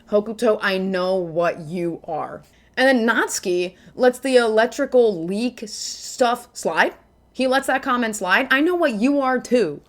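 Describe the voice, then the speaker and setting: A young woman in casual video commentary as a manga reviewer, chatty and joking with lots of filler asides. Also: fairly low pitch.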